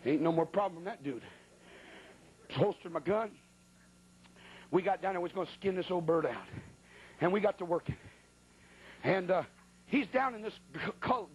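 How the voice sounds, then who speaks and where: A man preaching a sermon as a colloquial, animated story, acting out sounds and voices. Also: high-pitched, husky.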